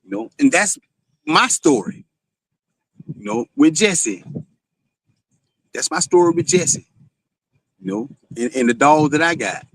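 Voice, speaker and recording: A Florida man hosts his own stream, delivering a casual, rambling monologue full of swearing and "you know"s. His voice is on the high side with lively intonation, a measured pace and long pauses, and the recording is dry.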